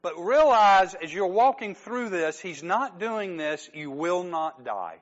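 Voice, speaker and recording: A man's voice: high voice, very animated, takes it slowly, muffled recording. A man preaching a sermon as pastor, talking conversationally, joking with the congregation and acting out quoted lines.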